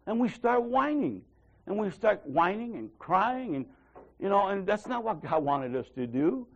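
A man's voice: high voice, big pitch swings, moderate pace, gravelly, muffled recording. A man giving a casual sermon, talking conversationally and acting out little dialogues with God, often checking in with "right?". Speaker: preacher.

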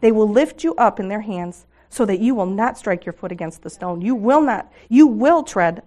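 A woman's voice: medium pitch, expressive, moderate pace, warm tone. A middle-aged woman speaking to a women's gathering, reading scripture aloud in an earnest devotional manner. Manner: earnest, reads scripture aloud, laughs with audience.

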